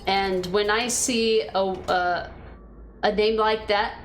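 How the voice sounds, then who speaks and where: A woman's voice: medium pitch, steady tone, slow pace, music in the background. A woman streaming a game, chatting casually with her viewers and thinking aloud with fillers and restarts. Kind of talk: casual chat reading viewer comments.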